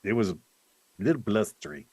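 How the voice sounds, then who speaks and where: A man with a lowish voice co-hosts a podcast, his pitch rising and falling in a lively way. He chats casually, stumbles over his words and restarts often, and his voice sounds dry and close to the mic. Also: fairly quick, no room sound. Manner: chatty, self-deprecating, stammering restarts. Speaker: podcast co-host. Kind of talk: casual chat. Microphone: home podcast mic, remote.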